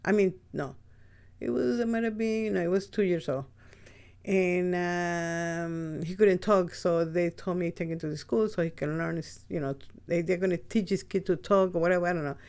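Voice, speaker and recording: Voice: medium pitch, moderate pace, a little mellow, smooth. A podcast host speaking in a casual, rambling monologue, blunt and often profane, with frequent restarts. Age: adult with a child.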